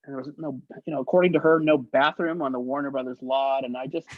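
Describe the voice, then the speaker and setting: A man telling show-business stories as an interview guest, in a lively way, acting out the voices he quotes. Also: mid-range voice, quick pace, no room sound. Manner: animated anecdotes, acts out quoted voices, laughs often. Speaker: guest, actor and effects artist. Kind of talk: casual storytelling interview. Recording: dull, lo-fi sound.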